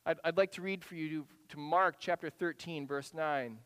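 High-voiced preacher in a reverberant hall. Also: male voice, moderate pace, clear, resonant tone. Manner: dramatic storytelling, drops to a hushed voice then rises to animated acted-out lines. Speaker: pastor. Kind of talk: sermon.

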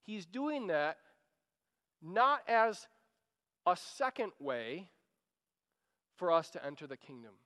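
A man's voice: high voice, big pitch swings, takes it slowly, long pauses, bright, forceful tone, in a large hall. A man preaching a sermon, earnest and urging, often repeating a phrase as he pleads. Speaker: pastor.

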